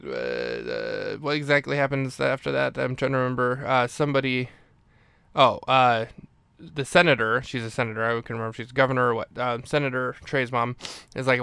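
Guy rambling through a movie recap, smooth clear voice, dry close mic. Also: mid-range voice, moderate pace, sharp tone, no echo. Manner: rambling, self-correcting recap. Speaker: podcast host.

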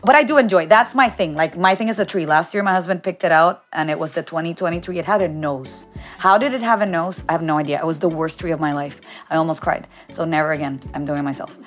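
Chatty woman host, lower voice. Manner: chatty, animated storytelling. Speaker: mother of three. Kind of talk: casual storytelling chat.

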